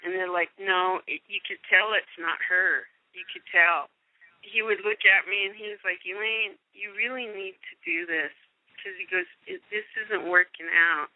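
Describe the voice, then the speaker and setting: A woman actress telling stories in a casual interview, animated, acting out quotes and laughing often. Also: medium pitch, moderate pace, no echo, phone-quality sound. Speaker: guest actress.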